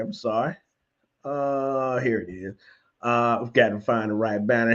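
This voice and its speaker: A man co-hosting a casual online talk show, talking in a relaxed, rambling way with many fillers. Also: medium pitch, muffled recording. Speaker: co-host. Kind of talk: casual chat.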